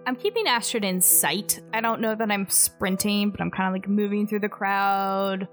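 A woman's voice: mid-range voice, normal speed, soft background music. A woman playing a tabletop game, thinking aloud about her moves. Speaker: player.

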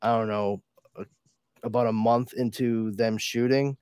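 A man's voice: medium pitch, fairly even intonation, a little slow, a little mellow, smooth, no room sound. Podcast co-host, male, chatty storyteller, profane, dry booth sound. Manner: chatty storyteller, swears, puts on voices in anecdotes. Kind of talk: casual chat.

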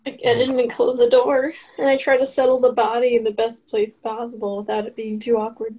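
A woman playing in a tabletop game in casual, quick, questioning talk. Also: on the high side, level tone, a little mellow. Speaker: player. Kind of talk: casual chat.

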